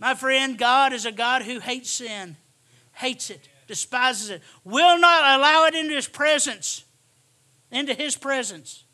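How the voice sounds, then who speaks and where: A man preaching a sermon, emphatic and repetitive, swinging from hushed asides to shouted lines. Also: very high-pitched, a little slow.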